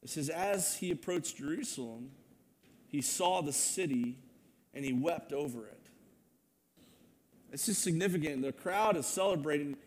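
A man preaching a sermon, moving between loud proclamation and hushed, earnest asides. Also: a little high, measured pace, long pauses. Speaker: pastor.

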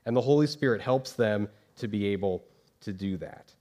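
A man's voice: lowish voice, moderate pace, mellow. Casual man preaching a sermon. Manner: casual, uses many fillers, rhetorical questions to congregation. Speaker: pastor. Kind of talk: conversational sermon.

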